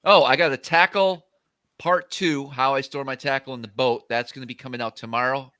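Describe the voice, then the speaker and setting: A man hosting a fishing livestream, talking in a relaxed, easygoing way. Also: mid-range voice, fairly quick, clear, resonant tone. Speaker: host. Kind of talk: casual livestream chat.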